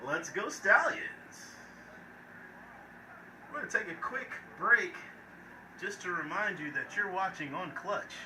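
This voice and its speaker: A fired-up man calling college football, his voice riding high and swinging wildly in pitch. He jokes with the viewers between plays. The sound is roomy and off-mic, with a steady wash of crowd noise behind him. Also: moderate pace, recorded from a distance. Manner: hyped, playful, talks to viewers directly. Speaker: play-by-play announcer. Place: football stadium.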